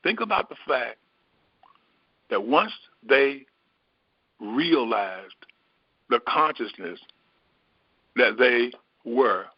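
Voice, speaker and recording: Middle-aged man, mid pitch, reflective Bible teacher thinking aloud; dull dry lo-fi take. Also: expressive, husky, no room sound. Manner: unhurried, repetitive, musing aloud. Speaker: spiritual teacher.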